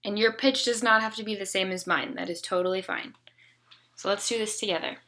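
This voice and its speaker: A woman leading a group speech therapy session over a video call, giving patient step-by-step instructions and holding long, loud vowels. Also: medium pitch, steady tone, fairly quick. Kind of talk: guided voice exercise session.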